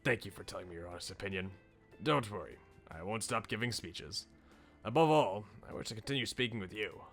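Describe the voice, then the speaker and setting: A man voicing a weary, reflective middle-aged male politician who speaks in a soft, measured and earnest way. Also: on the low side, faint music behind, pitched below the performer's own voice.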